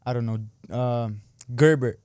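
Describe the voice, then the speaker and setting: A man's voice: mid-range voice, slow, dark tone, smooth, dry recording, studio quality. A young man from Canada, an online creator and amateur boxer, chatting casually as a guest and trailing off with lots of "like". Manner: laid-back, laughs easily, trails off with "like". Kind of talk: casual interview chat.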